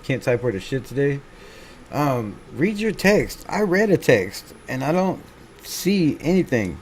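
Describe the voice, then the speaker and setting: A man's voice: mid-range voice, very animated, measured pace, slight background noise. A man hosting a fan livestream, chatting casually and reading out viewer comments in a laid-back, swearing, self-mocking way. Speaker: fan channel livestream host.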